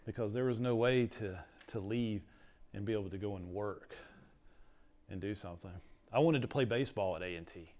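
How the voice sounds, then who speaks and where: Here a middle-aged lecturer wanders through a casual class full of anecdotes, storytelling in a chatty way and leaning heavily on "like." He speaks a little fast in a lowish, slightly mellow voice.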